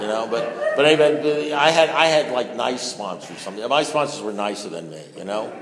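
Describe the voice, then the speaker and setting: A man's voice: medium pitch, lively intonation, moderate pace, a loud crowd. An older man speaking at a recovery meeting, telling a profane, joking story and acting out both sides of the conversation. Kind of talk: storytelling talk to an audience. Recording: roomy hall with long echo.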